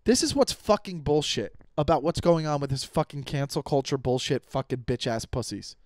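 Young guy ranting on his comedy podcast, lotta swearing, restarts constantly, kinda high voice, dry close sound. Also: animated, normal speed, a little mellow, no echo. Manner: profane, rambling with many restarts. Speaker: podcast host. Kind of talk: casual comedic rant.

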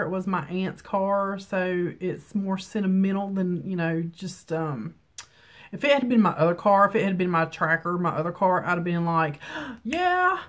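A woman's voice: lowish voice, a bit bright. A young woman, congested, chatting casually in a rambling home vlog full of ums. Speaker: beauty vlogger. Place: home room with ring light.

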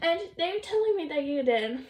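A woman's voice: sits high, big pitch swings, fairly quick, darkish tone, reverberant. Woman doing a bossy boy pup leader. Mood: firm. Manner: instructing, scolding. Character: young male leader of the pups, bossy. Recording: noisy home recording.

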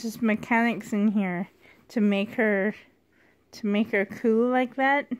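A woman vlogging casually about her doll collection, rambling, gushing and apologizing as she goes. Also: fairly high pitch. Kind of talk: casual show-and-tell vlog.

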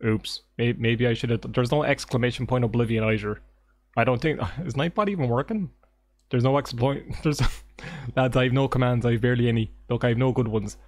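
Excitable, joking male game streamer. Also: medium pitch, fairly quick. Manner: excitable, joking, swears often. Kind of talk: casual livestream chat with viewers. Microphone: desk microphone.

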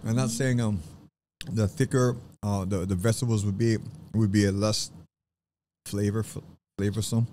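A man with a low, mellow voice, gushing with praise while tasting food in a relaxed chat. A faint hum of background noise sits behind him. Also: normal speed. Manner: effusive, enthusiastic praise. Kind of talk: casual chat.

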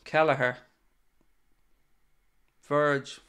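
A man's voice: a little high, level tone, extremely slow, clear, resonant tone. A man hosting a live football watchalong, narrating the play and reacting with frequent swearing. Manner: swings from gloomy muttering to euphoric shouting, swears freely. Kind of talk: live match commentary and reaction.

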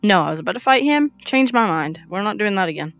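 A male gaming YouTuber giving casual, jokey commentary while playing, talking to himself with sudden loud outbursts. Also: high-pitched, animated, fast, dry recording. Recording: dull lo-fi recording.

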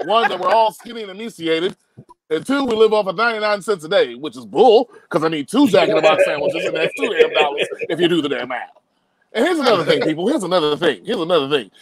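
A stand-up comedian in his thirties, from Liberia, who is animated and laughs through his punchlines. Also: sits high, fast talker, a loud crowd. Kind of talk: stand-up set and interview. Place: studio in Los Angeles.

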